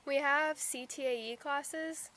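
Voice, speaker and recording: A teenage high school girl, a guest on a casual podcast, speaking hesitantly with many fillers. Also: steady tone, takes it slowly, sharp tone. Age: teens.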